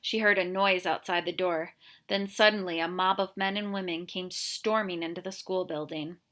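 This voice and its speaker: A woman teacher reading a novel aloud chapter by chapter, in a clear, steady storytelling voice. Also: fairly low pitch, normal speed. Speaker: reader, teacher.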